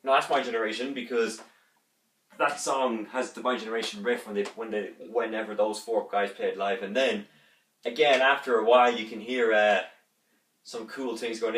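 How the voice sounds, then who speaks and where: A man's voice: on the low side, a bit bright. A man giving a rambling, enthusiastic music review during an unboxing, humming instrument parts along the way. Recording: roomy echo, distant from the mic.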